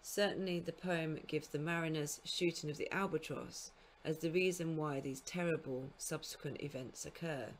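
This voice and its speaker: A woman giving a recorded literature lecture to school students, explaining in a measured way and now and then correcting herself mid-phrase. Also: sits low, fairly even intonation, a little hiss or hum. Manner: speaks scansion aloud in sing-song beats. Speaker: university lecturer.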